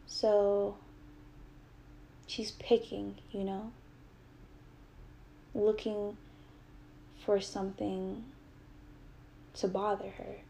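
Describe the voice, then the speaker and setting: Brief: young woman, gravelly voice, earnest storytime, faint room hum. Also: mid-range voice, flat delivery, extremely slow, pauses often, mellow. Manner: earnest, heated retelling with quoted dialogue. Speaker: mother telling a personal story. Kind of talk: emotional personal storytime.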